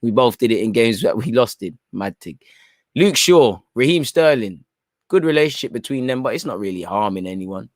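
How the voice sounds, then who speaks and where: A man's voice: mid-range voice, expressive, moderate pace, dry recording, studio quality. A man hosting a live football watchalong, talking casually and with strong opinions about the play, often tacking "man" onto his phrases. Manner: reads chat messages aloud and reacts. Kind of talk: live casual match commentary.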